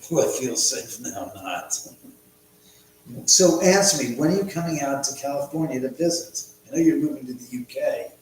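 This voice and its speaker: A man's voice: mid-range voice, lively intonation, moderate pace, very echoey, slight background noise, poor audio. A man hosting a casual live stream from his home, rambling, muttering to himself and swearing often. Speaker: livestream host.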